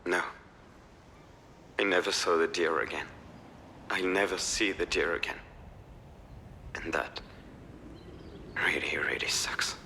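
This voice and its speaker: A man's voice: sits low, fairly even intonation, slow pace, gravelly, long pauses, pushed and bright, slight background noise, full character voice. An actor playing a troubled man who talks earnestly and shakily, at times in a whisper. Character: troubled adult man confiding in his ex.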